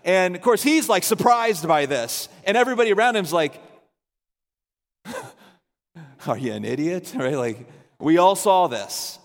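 A man's voice: high voice, sing-song, slow pace, long pauses. Man, pastor, sermon, storytelling with acted quotes, reverberant hall. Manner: storytelling, acts out voices in quotes.

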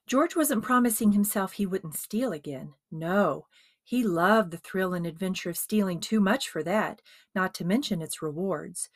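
A woman narrating a dramatized biography as an audiobook, with expressive storytelling. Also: mid-range voice, moderate pace, dry recording, studio quality.

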